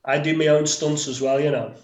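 A man co-hosting a podcast, joking in a deadpan, boastful way. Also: fairly high pitch, fairly quick, echoey room, crowd noise, poor audio. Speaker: podcast co-host. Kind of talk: casual banter.

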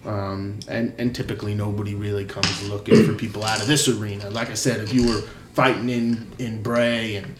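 A man's voice: fairly low pitch, level tone, fairly quick, voice pushed down, close to an everyday voice. A man voicing a tavern innkeeper who speaks hesitantly, with many ums and restarts. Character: innkeeper man with a put-on accent. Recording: echoey room, faint noise.

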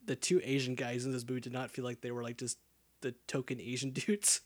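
A man hosting a casual podcast film review, talking quickly and keeping his co-hosts on track. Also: medium pitch, level tone. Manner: quick, keeps the others on track. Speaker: podcast host steering the review. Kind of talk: casual chat.

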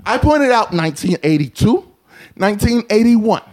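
A man's voice: high voice, sing-song, moderate pace, noisy background. Heated, profane podcast man. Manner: argumentative, profane, talks over others. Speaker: podcast co-host. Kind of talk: heated casual debate.

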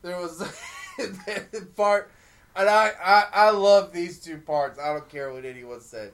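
A man's voice: sits high, wildly swooping pitch, slow pace, a bit bright. A man in casual podcast chat, rambling, laughing often and repeating words as he tells the story.

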